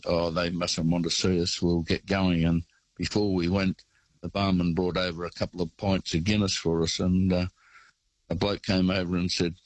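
A man with an Australian accent calling in to a radio show and telling a rambling, relaxed travel anecdote. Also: sits low, dry recording, rough recording. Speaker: caller. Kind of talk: casual phone-in storytelling.

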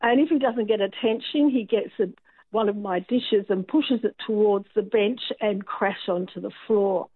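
Phoning in to a radio program, a woman tells a story in a chatty, hesitant manner. She has a mid-range, slightly rough voice and speaks at normal speed, and the tinny phone line carries no echo.

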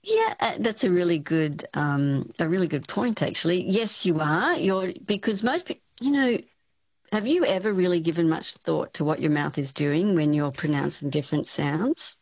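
Woman prof talking on radio, kinda low voice, lots of um and you know, dull slightly muffled line. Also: lively intonation, normal speed, darkish tone, no room sound. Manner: explanatory, chatty, many fillers. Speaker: speech pathology professor. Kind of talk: radio interview guest.

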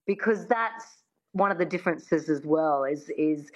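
A woman working as an accent coach on the radio. She explains patiently and models words slowly. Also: medium pitch, animated, poor audio.

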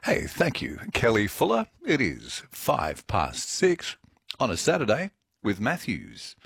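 A man's voice: fairly low pitch, wildly swooping pitch, slow, gravelly, fairly bright tone, husky. A middle-aged man with an Australian accent hosting a casual morning radio show, chatting in a meandering, self-correcting way. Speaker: radio host. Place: radio studio. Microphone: studio microphone.

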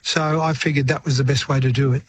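An older Australian man, a musician guest, chatting in a relaxed, reflective way in a radio interview and often restarting his words. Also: mid-range voice, fast talker.

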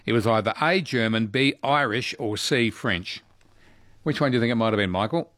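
A man's voice: mid-range voice, normal speed, no room sound, clean studio sound. A man hosting a radio quiz and chatting easily with callers. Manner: chatty, easygoing, lively intonation.

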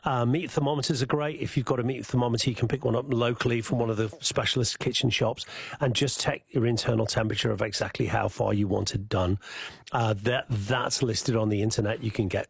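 A man's voice: medium pitch, steady tone, a little fast, vocal fry, breathy edge, no room sound, studio quality. A man with a Scouse accent, a guest chef on a radio show, chatting casually and giving practical cooking tips with many restarts.

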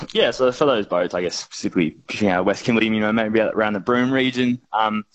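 A man's voice: on the low side, quick pace, rough recording. An Australian man speaking as a fishing expert on a radio interview, enthusiastic and laid-back, with plenty of fillers and slang.

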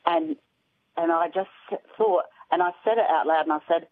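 A woman's voice: fairly low pitch, sing-song, moderate pace, vocal fry. An Australian woman chatting as a radio guest, telling her story freely. She comes through a thin, tinny phone line with faint hiss. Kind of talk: casual chat.

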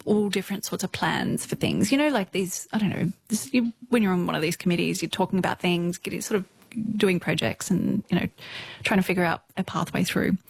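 A woman's voice: lowish voice, brisk, creaky, slightly rough, no room sound. A woman with an Australian accent, telling stories casually as an interview guest, chatty and full of fillers. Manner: chatty, laughs often, many fillers. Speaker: radio newsreader, guest.

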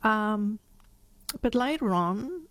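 A woman's voice: medium pitch, animated, extremely slow, no echo. A woman guest on a radio show, telling a personal story in a reflective, slightly emotional way. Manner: warm, reflective, gets a little emotional.

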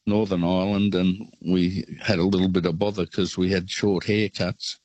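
Deep-voiced older Australian caller. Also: male voice, moderate pace, dry recording, dull audio. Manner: rambling, relaxed anecdotes. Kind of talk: phone-in storytelling.

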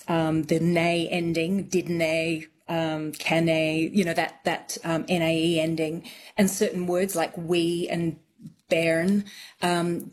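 A woman answering interview questions about accents and dialects in a thoughtful, explanatory way, often pausing on fillers. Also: lowish voice, a little mellow. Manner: thoughtful, many fillers and restarts.

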